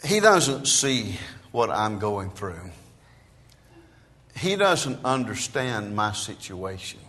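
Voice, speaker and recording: Emphatic preacher in a reverberant hall. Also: male voice, on the low side, very animated, slow. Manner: swings from quiet asides to loud emphatic declarations. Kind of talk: sermon. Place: church sanctuary.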